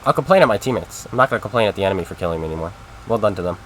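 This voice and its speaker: A man's voice: on the low side, lively intonation, racing, a bit bright, a little hiss or hum. A man casually talking to his stream chat while playing a game, in a rambling, chatty way. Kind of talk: casual live-stream commentary.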